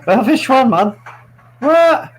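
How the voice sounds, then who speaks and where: A man with a Northern English accent, loudly teasing and swearing in casual banter on a live football watchalong stream. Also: very high voice, lively intonation, drawn-out words. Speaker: stream host. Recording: noisy live stream audio.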